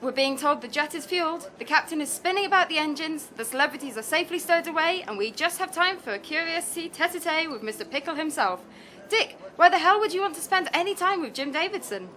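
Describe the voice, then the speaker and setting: English woman, deadpan comic presenter, high bright voice. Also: brisk, soft background music. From England. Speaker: radio presenter. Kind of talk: scripted sketch comedy.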